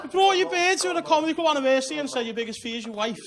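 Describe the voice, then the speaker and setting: A man's voice: extremely high pitch, animated, rapid-fire. A man with a Liverpool accent doing a sweary stand-up set, chatting with the crowd and checking they follow along. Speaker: stand-up comedian. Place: comedy club stage before a laughing crowd. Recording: live club recording, loud crowd and noise.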